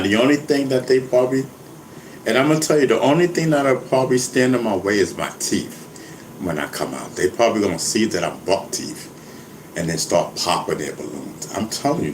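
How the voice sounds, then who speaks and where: Laid-back rapper rambling in an echoey room. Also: male voice, on the low side, expressive, brisk, slight background noise. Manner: laid-back, laughing, keeps saying "you know what I mean". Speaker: rapper and vlogger. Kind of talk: casual rambling monologue.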